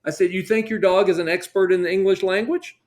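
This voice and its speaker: Storytelling dog trainer, slightly high voice. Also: male voice, steady tone, brisk, darkish tone. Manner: storytelling, acts out client dialogue. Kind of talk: casual interview chat.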